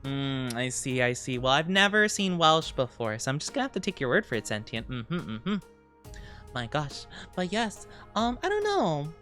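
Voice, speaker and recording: Woman vtuber yapping with chat, giggly and bouncy, low-ish voice, soft music under it. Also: normal speed. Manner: playful, giggly, animated. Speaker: VTuber streamer. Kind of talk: casual live-stream chat with viewers.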